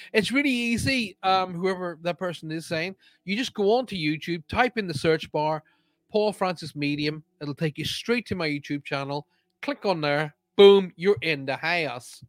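A man's voice: high voice, moderate pace, no room sound. A man hosting a live-streamed show, chatting casually and reading out viewer comments in an upbeat way.

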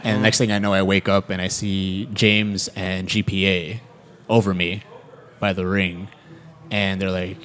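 Rambling young man with a lower voice. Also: level tone, a little slow, a bit bright. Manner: rambling, many fillers, acts out quotes. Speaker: professional wrestler. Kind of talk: casual interview storytelling.

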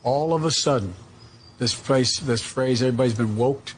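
An older man, a politician, giving a halting public speech where he loses his words. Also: medium pitch, slight background noise.

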